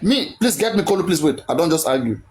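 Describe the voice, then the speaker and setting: A man's voice: on the high side, animated, quick pace, over a noisy crowd, poor audio. Insistent man arguing. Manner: argumentative, repeats himself, demands to be heard. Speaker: debate participant. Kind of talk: heated online live debate.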